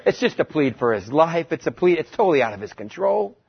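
A male preacher delivers a sermon with animated storytelling and acts out the quotes in the story. His voice sits a little high and has a husky grain. The recording sounds dull and lo-fi. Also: brisk. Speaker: pastor.

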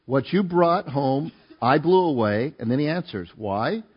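A man's voice: a little high, expressive, moderate pace, breathy edge, highs cut off. Conversational man preaching a sermon. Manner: conversational, asks the congregation to join in. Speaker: pastor. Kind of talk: sermon, reading and explaining scripture.

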